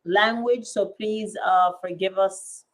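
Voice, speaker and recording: Woman, live show host, brisk, mid-pitched. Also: fairly even intonation. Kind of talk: live stream hosting.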